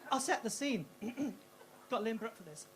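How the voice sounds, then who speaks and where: A woman performing a stand-up routine on a comedy club stage, with punchy, self-interrupting delivery and quick asides. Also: a little high, animated, very noisy.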